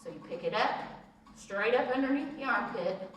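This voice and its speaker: A woman's voice: mid-range voice, expressive, moderate pace, fairly bright tone, slight background noise. A woman fitness instructor teaching a belly-dance workout, counting out moves and cueing steps as she demonstrates, with jokey asides. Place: recreation center room. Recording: very echoey room, voice from far off.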